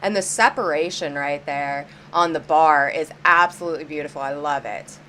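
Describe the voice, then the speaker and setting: A woman's voice: sits low, normal speed, fairly bright tone, slight background noise. A woman hosting a live-stream auction, chatty and upbeat, greeting viewers by name as she counts down bids.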